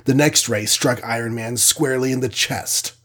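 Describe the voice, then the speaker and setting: A man narrating a children's adventure audiobook in a steady, measured reading voice. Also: mid-range voice. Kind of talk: scripted storybook narration.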